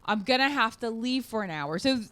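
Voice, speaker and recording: Animated woman telling a story. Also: on the high side, moderate pace, dry recording. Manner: animated storytelling, acts out quotes. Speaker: podcast co-host. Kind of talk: casual chat.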